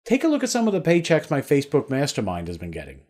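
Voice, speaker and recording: Male voice-over, upbeat promo read, animated intonation, scripted. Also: on the high side, fast. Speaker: sales pitch narrator. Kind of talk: scripted sales webinar voice-over.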